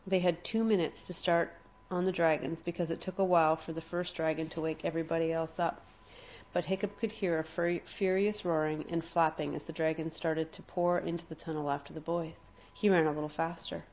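A woman reading a children's adventure story aloud, dramatic and slowing down for suspense. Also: deep voice, steady tone, a little mellow, slight background noise. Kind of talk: expressive storybook read-aloud.

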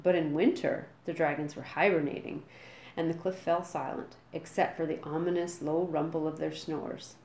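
A woman reading a children's storybook aloud with lively, dramatic delivery. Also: deep voice, normal speed, reverberant.

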